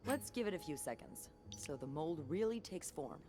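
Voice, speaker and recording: An actress voicing an upbeat, crafty hotel worker who grew up on a farm, talking in a lively, good-humored way. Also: female voice, deep voice, normal speed. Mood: cheerful. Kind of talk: voiced game dialogue. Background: game music.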